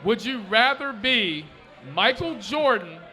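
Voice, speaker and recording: A man hosting a casual sports podcast interview, asking quick questions in a joking, animated way, recorded live in a restaurant. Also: very high voice, a faint crowd. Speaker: podcast host.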